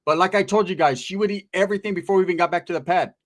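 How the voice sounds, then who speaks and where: A man telling a profane comic story in an animated, conversational way. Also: high-pitched, racing. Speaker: stand-up storyteller. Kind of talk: comedic storytelling.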